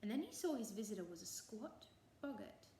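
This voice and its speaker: A woman telling a traditional folk tale in an expressive, lilting storytelling way. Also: on the high side, brisk, a little hiss or hum. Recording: echoey room, faint ambience.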